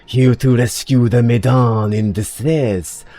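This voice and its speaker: A man's voice: mid-range voice, fairly even intonation, warm tone, close to an everyday voice. Loup-garou, a man hamming up a fake-French werewolf. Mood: gloating. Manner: theatrical, drawn-out, savoring words. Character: pompous male French werewolf gourmand villain.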